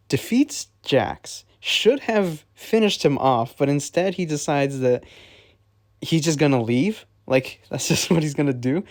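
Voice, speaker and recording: A man reviewing a movie in a loose, rambling way, peppering his talk with fillers and laughter. His voice sits at an average pitch. The recording is dry and close. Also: a little mellow, no room sound. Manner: rambling, lots of 'like', laughs often. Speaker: film reviewer, co-host.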